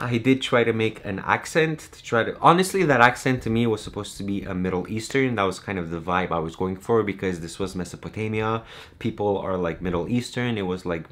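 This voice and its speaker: A man's voice: lowish voice, fairly bright tone. A young man from Romania, a YouTube creator talking casually to his viewers in a chatty, rambling way with lots of fillers. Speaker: YouTube creator and game master. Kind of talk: casual vlog talk to viewers.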